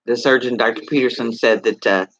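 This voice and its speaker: A Texan man talks loosely to his livestream viewers, drifting from point to point and tossing questions at them. His voice is bright and forceful. The sound is dry and close, but dull and lo-fi. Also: medium pitch, steady tone, brisk, dry recording. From Texas. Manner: rambling, talks straight to viewers with many questions. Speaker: livestream host. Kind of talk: casual livestream chat.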